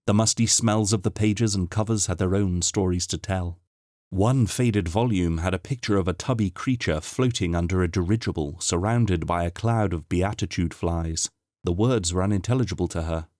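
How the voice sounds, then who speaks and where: A man narrating an unabridged audiobook in a steady, measured reading voice. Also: low voice, dry recording, studio quality. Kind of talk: scripted narration.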